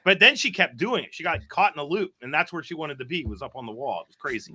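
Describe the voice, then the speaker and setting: A man who is a biology professor, guest on a podcast, telling animated stories with laughter and casual swearing. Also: fairly high pitch, fast talker, slightly rough. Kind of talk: animated storytelling.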